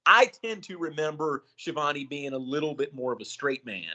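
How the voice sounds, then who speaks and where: A man co-hosts a wrestling talk show in a loose, casual way, often restarting his phrases and filling gaps with um. His voice sits a little higher than most men's. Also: moderate pace, sharp tone, highs cut off. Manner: hesitant, restarts phrases, many ums. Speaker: podcast co-host.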